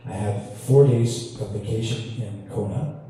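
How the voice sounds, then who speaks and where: Between songs, a guitarist from Canada shares easygoing, laughing, self-deprecating stories with a large hall audience. His voice is lowish, dark and mellow, a little slow, captured from afar amid long hall reverb and faint ambience.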